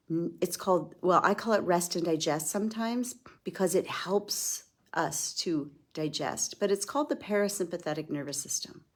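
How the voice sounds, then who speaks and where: A middle-aged woman leading a guided breathing and laughter exercise in a slow, soothing way as a wellness instructor. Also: lowish voice. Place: indoors, moving around in front of a camera.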